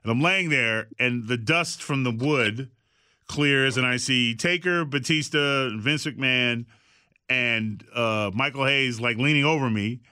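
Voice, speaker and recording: Forceful, animated male storyteller. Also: mid-range voice, unhurried, clean tone, dry recording, studio quality. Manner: animated, acts out voices in quotes, swears freely. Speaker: guest telling a backstage story. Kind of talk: casual storytelling.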